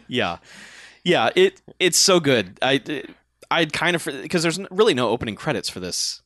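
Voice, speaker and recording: A man's voice: fairly high pitch, normal speed, no room sound. Laughing man recapping a movie. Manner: laughing, animated retelling with acted quotes. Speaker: podcast co-host. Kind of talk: casual movie recap chat.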